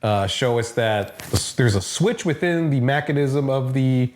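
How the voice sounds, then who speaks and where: A man co-hosting a casual show review, chatty and relaxed, with hedging asides and the odd swear. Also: medium pitch, unhurried, a little hiss or hum. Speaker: podcast co-host.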